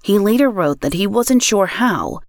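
A woman hosting a podcast, reading a scripted true-crime story in a measured way that slows on grim details. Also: medium pitch, animated, no room sound, studio quality. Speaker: podcast host.

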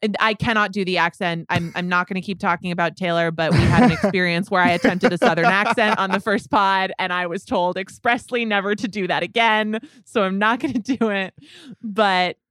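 A woman co-hosting a sports podcast who walks through the details methodically. Her voice is smooth and resonant at a middle pitch, recorded dry and close. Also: fairly even intonation, fairly quick, a bit bright, no echo. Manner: analytical, explains points step by step. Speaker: podcast co-host. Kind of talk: casual sports analysis.

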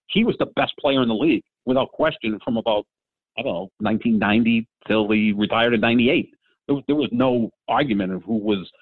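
A man's voice: mid-range voice, no room sound. Man in his fifties on a tinny line. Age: 50s. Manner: rambling, many fillers and restarts. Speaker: podcast co-host. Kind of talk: casual sports chat. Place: home, during lockdown.

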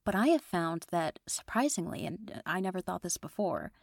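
Woman playing a nosy ex-FBI mom, low voice, hushed conspiratorial asides. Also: lively intonation, moderate pace, vocal fry, no room sound, studio quality. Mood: confiding. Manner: conspiratorial, often dropping to a whisper. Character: nosy mom-group leader, ex-FBI agent, suspicious. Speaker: improv guest. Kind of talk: improvised comedy character.

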